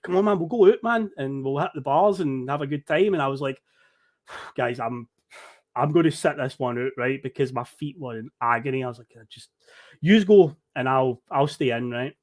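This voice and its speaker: A Scottish man spinning a long, animated story for a podcast, swearing freely and laughing along. His voice sits a little high for a man, and he talks over an online call. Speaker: podcast guest. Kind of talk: casual storytelling.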